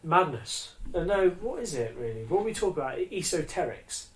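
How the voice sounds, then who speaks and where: Animated, swearing man in echoey room. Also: on the high side, normal speed. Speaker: podcast co-host. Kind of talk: casual chat.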